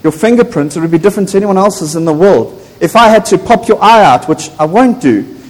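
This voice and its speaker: A man in his forties with a South African accent, preaching a sermon, rising to animated declarations and stumbling over repeated words. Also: high voice, brisk. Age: 40s. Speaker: pastor. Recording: long church reverb.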